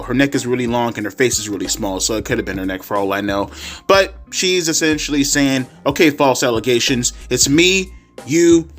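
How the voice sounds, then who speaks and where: A man's voice: medium pitch, fairly bright tone. A man ranting sarcastically and profanely about a wrestling show in a casual vlog. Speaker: wrestling commentary vlogger. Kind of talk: profane rant.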